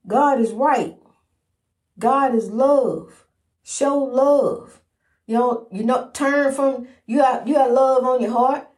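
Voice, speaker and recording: This motivational speaker's voice sits high with a darkish tone. She offers her daily inspirational testimony in an encouraging, repetitive, preacher-like manner packed with fillers, captured in a room with noticeable echo.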